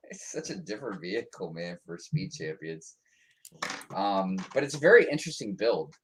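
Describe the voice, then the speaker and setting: An American man co-hosts a livestream, chatting in a relaxed, rambling way with lots of ums. His voice sits low at a moderate pace, and background noise is present.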